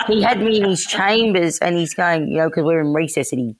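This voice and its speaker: A woman who is a guest on a podcast, telling a personal story in lively detail and acting out the remarks she quotes. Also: on the low side, brisk. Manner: animated, acts out quoted exchanges, laughs.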